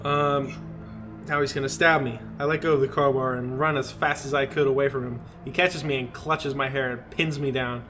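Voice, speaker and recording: A man's voice: mid-range voice, sharp tone. A young man co-hosting a podcast, reading a horror story aloud with hammy emphasis and bursts of laughter. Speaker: podcast co-host.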